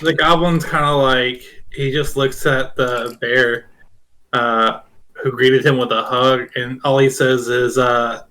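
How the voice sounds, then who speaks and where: A man's voice: mid-range voice, steady tone, moderate pace, a bit bright, rough recording. A man narrating a tabletop game as game master, in a loose, casual way.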